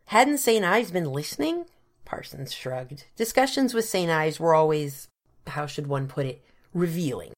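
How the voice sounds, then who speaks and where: Low-voiced woman narrating a novel. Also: very animated, measured pace. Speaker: audiobook narrator. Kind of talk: scripted narration.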